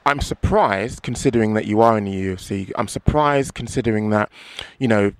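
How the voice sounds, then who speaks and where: A male interviewer asking long, measured questions. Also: lowish voice, no room sound.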